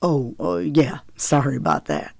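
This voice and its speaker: A woman voicing a playful, protective young man with a low teasing drawl. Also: very animated, measured pace, creaky, a little mellow, no room sound, studio quality, heavily acted.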